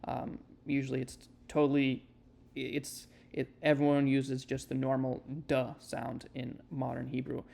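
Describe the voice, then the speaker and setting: A man giving a casual spoken lesson, explaining and demonstrating sounds with relaxed fillers. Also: mid-range voice, unhurried, creaky. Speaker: Hebrew teacher.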